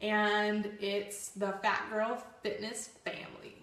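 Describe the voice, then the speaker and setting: A woman's voice: medium pitch, flat delivery, slow pace, fairly bright tone, roomy sound. A woman co-hosting a live fitness show, chatting casually in an upbeat, encouraging way. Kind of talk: casual live-stream chat.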